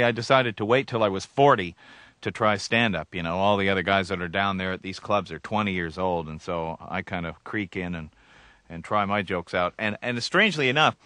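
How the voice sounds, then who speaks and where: A man's voice: fairly low pitch, bright, forceful tone, no room sound, studio quality. A man from Canada, a comedian guest telling stories in a wry, rambling way with chuckles. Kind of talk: casual interview talk.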